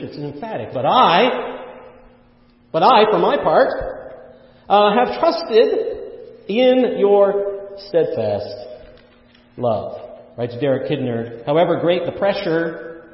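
Canadian man preaching in an echoey hall. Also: a little high. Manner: earnest, with many fillers and swings of loudness. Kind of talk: sermon. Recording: echoey hall, dull muffled sound.

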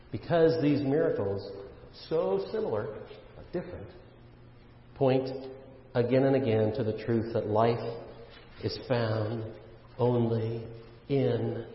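A man's voice: medium pitch, slight background noise. A man preaching a sermon as pastor, earnest and full of rhetorical questions, with frequent "uh" fillers. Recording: dull, roomy church recording with long reverb.

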